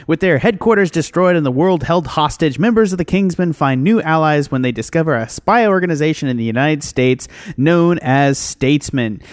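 A man's voice: fairly high pitch, lively intonation, normal speed, few pauses, dry recording, clean studio sound. A man hosting a movie review podcast, tired and rambling, often correcting himself mid-sentence in casual chat. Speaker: podcast host.

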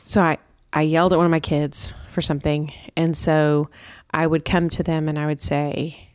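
A woman's voice: low-pitched, flat delivery, moderate pace, few pauses, smooth, dry recording, clean studio sound. A woman co-hosting a parenting podcast, chatting earnestly and explaining with examples from her family life. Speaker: podcast co-host. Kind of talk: casual podcast chat.

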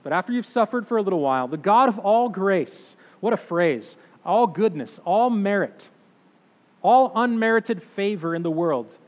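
A man in his thirties or forties preaching a sermon, emphatic, swinging between loud declarations and hushed, slow phrases. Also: high voice. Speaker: pastor. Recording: long reverb of a large hall.

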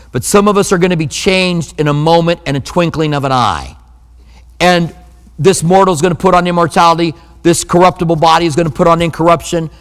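A man's voice: a little high, fairly bright tone, long reverb tail. A man preaching a sermon as pastor, in a conversational manner with humorous asides.

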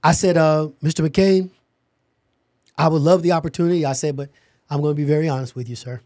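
A middle-aged man, a podcast guest, telling an animated story about starting his company and acting out the dialogue. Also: a little high, fairly quick, no echo, studio quality.

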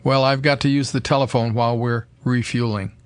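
A man's voice: mid-range voice, steady tone, fairly quick, clean tone, no room sound, natural voice. A man reading the lines of a determined male scientist in a clipped, decisive way, close to his own voice.

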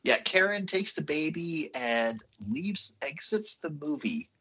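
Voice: medium pitch, expressive, slow, bright, forceful tone, dull audio. A podcast co-host casually recapping a film plot, laughing often.

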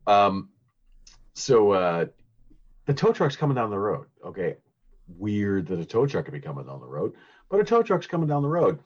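A man's voice: on the low side, big pitch swings, normal speed, pauses often, breathy edge, dull audio. A man co-hosting a podcast, casually recapping a movie in a rambling, giggly way with lots of fillers and restarts. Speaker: podcast co-host recapping a film.

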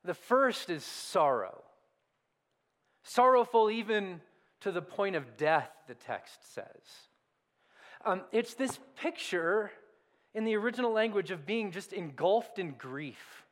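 A man's voice: high voice, expressive, slow pace, a bit bright. A man preaching a sermon in a conversational, questioning way. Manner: conversational, self-deprecating preaching with rhetorical questions. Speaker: pastor.

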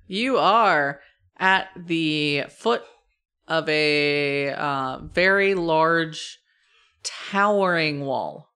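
A woman game master describing a scene in an unhurried way. Her voice sits low and she pauses often to find the next words. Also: sharp tone, clear, resonant tone. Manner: measured, with frequent pauses and fillers. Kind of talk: narrating a tabletop game.

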